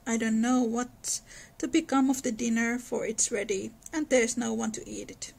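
A young housemaid from an old novel, answering politely in countrified grammar, as a woman reads her part. The voice sits high and sounds husky and gravelly. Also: fairly even intonation, normal speed, darkish tone, low-quality recording. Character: female housemaid, young, plain-spoken servant.

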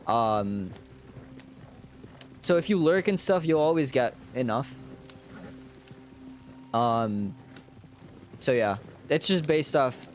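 A man's voice: medium pitch, expressive, slow pace, pauses often, faint music behind. A male streamer casually commenting on his game to viewers, swearing freely. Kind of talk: gaming livestream commentary.

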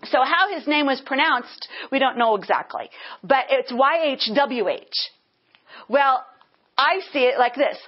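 A woman's voice: high voice, animated, a little slow. A woman teaching a Bible lesson earnestly, breaking into bursts of praise. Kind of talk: teaching sermon. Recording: dull lo-fi sound.

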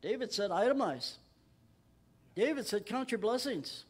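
A man preaching at a Bible study in a church, emphatic and rising in pitch when he quotes scripture. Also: sing-song, measured pace, breathy edge. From Texas. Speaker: pastor.

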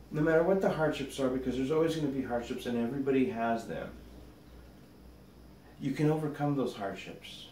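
A male rabbi gives a spoken meditation, unfolding a parable in a gentle storyteller's way. His voice sits at a middle pitch. It comes from a little off the mic, with a roomy echo and faint background noise. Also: recorded from a distance.

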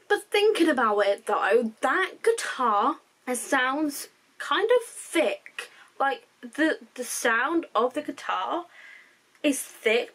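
A woman's voice: high voice, fairly bright tone, rough recording. Chatty, tired young woman. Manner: chatty, rambling, self-correcting; emotional and candid. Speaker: music reaction vlogger. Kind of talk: casual reaction commentary.

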